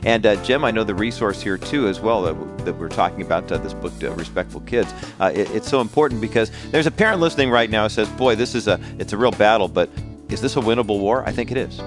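A man's voice: on the low side, expressive, fast, over music. A man co-hosting a radio show, wrapping up a segment in an easygoing way with many fillers. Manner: friendly, filler-heavy announcer. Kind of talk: radio program wrap-up.

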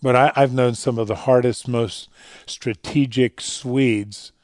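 A man speaking as a guest in a radio interview, telling stories earnestly and dropping quiet for the emotional parts. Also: mid-range voice, steady tone, takes it slowly, dry recording, studio quality. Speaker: guest speaker on fatherhood and faith.

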